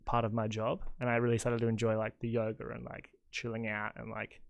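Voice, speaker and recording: A man's voice: mid-range voice, completely flat delivery, fairly quick, creaky, no echo, muffled recording. An Australian man in his thirties, a guest DJ telling stories in a laid-back, casual podcast chat full of fillers. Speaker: guest DJ and agency owner.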